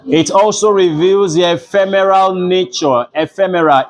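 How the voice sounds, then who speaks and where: Man, Nigerian English accent, teacher, classroom lecture, lively storytelling, higher voice. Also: normal speed, few pauses. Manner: animated storytelling, acts out dialogue. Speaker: literature teacher.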